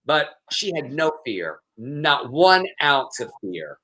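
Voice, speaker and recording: A man co-hosting a talk show, telling a news story in an animated, gossipy way. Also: medium pitch, slow pace, rough recording. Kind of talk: casual news chat.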